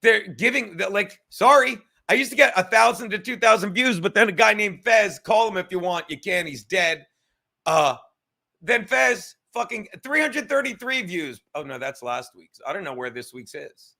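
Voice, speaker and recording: A man's voice: sits high, lively intonation, moderate pace, creaky, bright, forceful tone. A young man, a comedian and show host, ranting casually and profanely from his apartment, rambling and mocking himself. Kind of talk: casual livestream rant.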